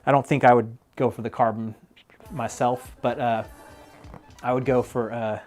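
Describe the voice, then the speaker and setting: A man's voice: mid-range voice, steady tone, normal speed, darkish tone, faint music behind. A man chatting casually on a live stream while he works on a mountain bike, rambling with lots of fillers and laughs.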